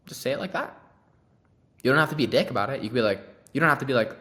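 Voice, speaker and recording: A man coaching sales calls in a laid-back, slangy way, swearing and acting out pitch lines. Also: big pitch swings, rapid-fire, pushed and bright. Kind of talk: casual teaching on sales calls.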